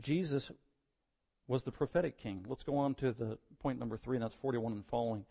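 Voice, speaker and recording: A man preaching a sermon, moving between quiet verse-by-verse teaching and loud, impassioned stretches. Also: mid-range voice, fairly quick, creaky, breathy edge.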